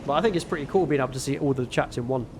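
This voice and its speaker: A man's voice: mid-range voice, very fast, background noise. A man with a northern English accent, chatting casually with viewers while gaming on a livestream in a laid-back, rambling way. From northern England.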